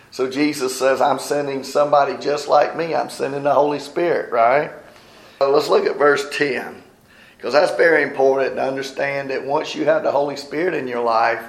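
A man's voice: medium pitch, creaky, roomy sound, poor audio. A man preaching a sermon, talking to his listeners casually, asking questions and answering them himself, often adding "right?".

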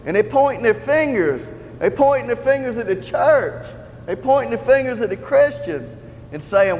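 Man, plain-spoken lay preacher, high voice, dull recording, long church echo. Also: moderate pace, a little mellow, a little hiss or hum. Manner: earnest, repetitive, conversational preaching. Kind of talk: sermon. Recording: dull, roomy hall recording with faint ambience.

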